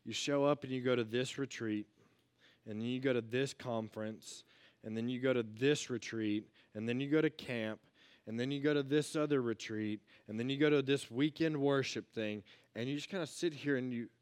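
A man giving a casual youth sermon, energetic and full of rhetorical questions, swinging between loud and hushed. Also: mid-range voice, moderate pace, clear, resonant tone. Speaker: youth pastor.

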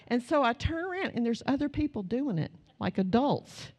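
A middle-aged woman pastor, preaching a sermon with stories, swinging from low asides to loud exclamations. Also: very animated, brisk, hardly any pauses, heavy background noise. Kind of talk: sermon with storytelling.

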